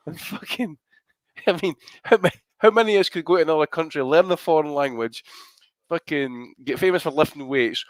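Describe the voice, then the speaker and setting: A man co-hosting a podcast, ranting with animated disbelief and swearing. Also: on the high side, no echo. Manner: animated, incredulous rants. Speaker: podcast co-host. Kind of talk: casual podcast banter.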